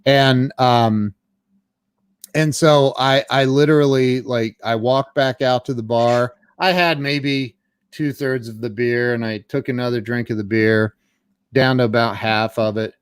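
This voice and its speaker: A middle-aged man tells his own story as a guest, candid and unpolished. He stammers and restarts often. His voice sits at an ordinary pitch and is recorded close and dry, with no room echo. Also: steady tone, clean tone. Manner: halting, with frequent stammered restarts.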